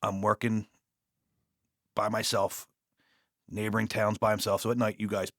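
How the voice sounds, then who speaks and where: A man's voice: fairly low pitch, normal speed, no echo, studio quality. A man on a podcast, a police officer and guest, telling stories in a casual, profane, rambling way and acting out the dialogue. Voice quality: profane, rambling, animated retelling with quoted dialogue. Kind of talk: casual storytelling. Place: podcast studio.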